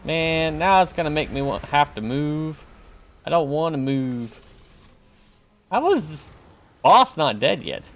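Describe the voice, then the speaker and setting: A man streaming a video game, chatting casually and joking as he plays, often yelling at the game. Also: a little high, animated, measured pace. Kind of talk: casual gameplay commentary.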